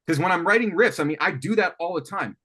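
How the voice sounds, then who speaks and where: A man coaching a student on writing guitar riffs, thinking aloud with lots of restarts and animated talk. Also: high-pitched, fast. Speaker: music coach. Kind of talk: teaching songwriting on a call. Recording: faint guitar music behind.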